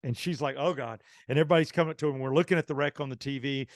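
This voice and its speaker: A middle-aged man, hosting a radio show and telling an anecdote in a casual, animated way, acting out the dialogue. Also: medium pitch, racing, no echo, clean studio sound. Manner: animated anecdote teller, acts out quoted dialogue. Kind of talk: casual storytelling.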